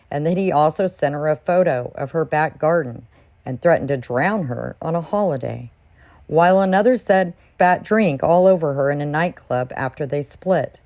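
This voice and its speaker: Low-voiced solemn woman narrating true crime. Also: darkish tone. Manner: solemn, dramatic. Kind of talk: scripted narration.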